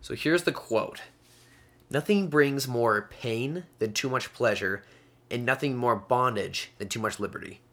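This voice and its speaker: A young man in his late teens talks on his own podcast in a loose, conversational way. His voice is bright and forward, and he keeps up an upbeat, chatty tone with quick little laughs. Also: mid-range voice. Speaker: podcast host. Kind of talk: casual solo podcast talk.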